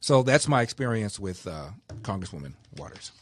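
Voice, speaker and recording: A male radio talk host telling anecdotes in a lively way, acting out the dialogue he quotes. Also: on the low side, normal speed, dry recording, clean studio sound. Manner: animated, acts out the dialogue he quotes. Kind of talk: storytelling anecdotes.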